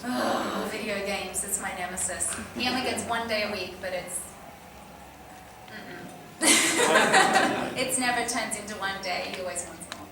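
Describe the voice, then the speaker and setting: A woman's voice: medium pitch, normal speed, vocal fry. Woman, chatty, laughs a lot, echoey hall, distant, noisy. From Australia. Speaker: convention panel guest. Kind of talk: casual Q&A chat. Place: large convention hall.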